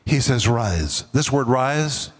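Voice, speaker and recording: A man's voice: fairly high pitch, unhurried, long reverb tail. A man preaching a sermon as pastor, emphatic, repeating words and dropping his voice for effect. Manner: preaching with sudden drops and emphatic repetition. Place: church.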